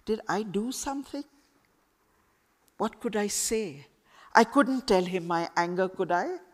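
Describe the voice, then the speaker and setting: A woman author reading a passage of her novel aloud to a school audience in slow, expressive storytelling. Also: medium pitch. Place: school event hall. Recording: echoey hall with long reverb.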